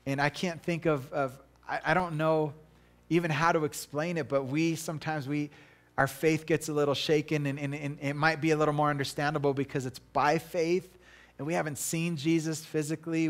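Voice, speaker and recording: Chatty middle-aged man preaching. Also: a little high. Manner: chatty, self-deprecating, many restarts and laughs. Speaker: pastor. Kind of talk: casual conversational sermon.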